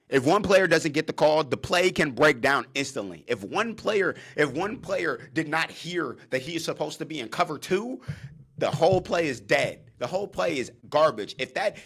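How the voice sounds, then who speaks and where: A young man hosting his own podcast, talking casually and with animation, jumping into loud acted-out on-field calls. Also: mid-range voice. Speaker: podcast host, former college defensive back.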